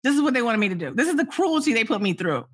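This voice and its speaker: A woman journalist in an interview, telling animated stories of meeting famous people, laughing and acting out what was said. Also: a little high, rapid-fire, breathy edge. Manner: animated, laughing, acts out quotes. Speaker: entertainment journalist. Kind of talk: casual interview storytelling.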